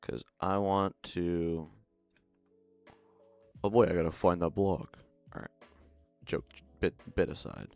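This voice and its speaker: Gravelly young man muttering while building. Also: sits low, steady tone, takes it slowly, pauses often, a little mellow, faint music behind. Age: young adult. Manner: mumbled, running commentary while building. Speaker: streamer. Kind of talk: casual game stream commentary.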